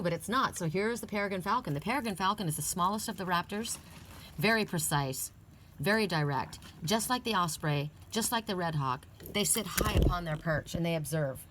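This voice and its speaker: A woman with a fairly low voice leads a relaxed oracle card reading. She chats in an upbeat way and stresses each affirmation as she recites it. A faint ambient hiss sits behind her. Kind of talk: casual spiritual card reading.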